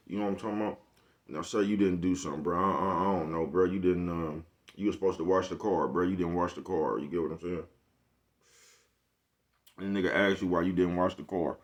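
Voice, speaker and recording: A man talking in a laid-back monologue, full of profane slang and repeated check-ins with the listener. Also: low voice. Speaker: vlogger. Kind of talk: casual monologue.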